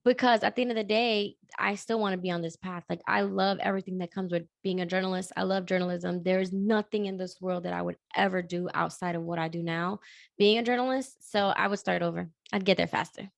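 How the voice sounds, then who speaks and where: A woman journalist and radio host, talking fast and animatedly as a guest in a casual interview, with lots of "like.". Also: lowish voice, fairly even intonation, vocal fry, no echo.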